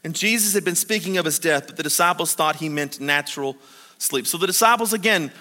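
A man preaching a sermon. He reads scripture and acts out the disciples and Martha in animated paraphrase. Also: on the high side, fairly quick. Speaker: pastor. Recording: long hall reverb.

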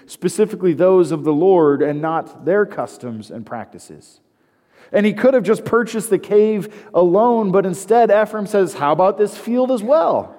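A man's voice: on the high side, mellow, long reverb tail. A man preaching a sermon, reading scripture aloud and then explaining it with casual asides. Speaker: pastor.

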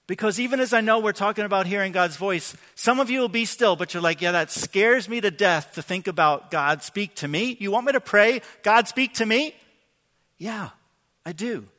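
A man's voice: sits high, pushed and bright, long reverb tail. A man preaching a conversational sermon as pastor, earnest and talkative, often restarting words and checking in with "right?".

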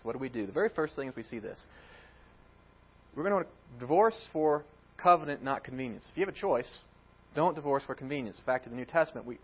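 A man preaching a sermon as pastor, animated, acting out quotes. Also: medium pitch, slightly rough, dull audio.

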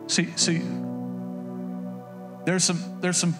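A man's voice: on the high side, completely flat delivery, slow pace, music in the background. A middle-aged male pastor delivering a sermon in a folksy, conversational way, repeating phrases and acting out little quotes. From Oklahoma. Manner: folksy, conversational preaching with repetitions and acted-out quotes.

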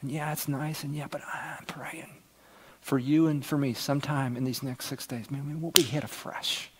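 Earnest male preacher, dropping to hushed tones. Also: mid-range voice, fairly even intonation, normal speed, heavy background noise. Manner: earnest, swings from loud emphasis to near-whispers. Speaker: pastor. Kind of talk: sermon.

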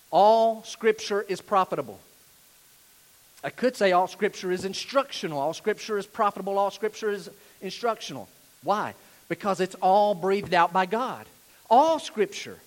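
A male pastor preaching a sermon, emphatic and repetitive, swinging from loud stresses to quiet asides. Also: sits high, animated, fairly quick, low-quality recording. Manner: emphatic, repeats key phrases, varies loudness widely. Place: church.

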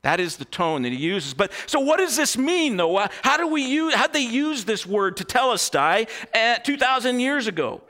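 A man preaching a sermon in an expressive, emphatic way, swinging between hushed and excited delivery. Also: very high voice, normal speed, hardly any pauses.

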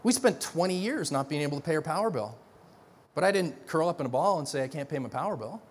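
A middle-aged man preaches in a loose, conversational way, restarting phrases and acting out little scenes. His voice sits high for a man. The sound rings with the long reverb of a large church hall. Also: fast talker. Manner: animated, conversational, many restarts, acts out dialogue. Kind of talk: sermon.

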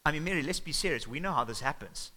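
A man's voice: a little high, lively intonation, measured pace, sharp tone. A man voicing a young fiancé who reacts with incredulous exasperation, in a sermon retelling. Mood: shocked.

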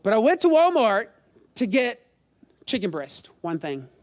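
Chatty high-voiced male preacher. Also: huge pitch swings, measured pace. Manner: chatty, self-deprecating storytelling with crowd questions. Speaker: pastor. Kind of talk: sermon.

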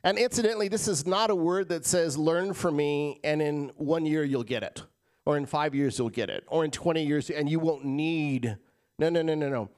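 A man preaching a sermon as pastor, shifting between loud emphatic lines and quiet, casual asides to the congregation. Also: on the high side, normal speed. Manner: casual, addresses crowd as guys.

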